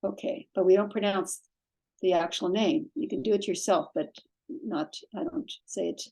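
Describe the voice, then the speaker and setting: A woman's voice: medium pitch, moderate pace, gravelly, warm tone. A woman teaching Biblical Hebrew, patiently spelling letters and vowels aloud one sound at a time.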